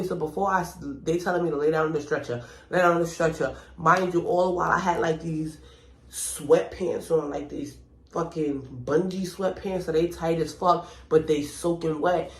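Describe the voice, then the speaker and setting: A woman with a New York accent telling a long personal story in a casual, profane, animated way, breaking into laughs as she goes. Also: low voice. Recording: roomy echo.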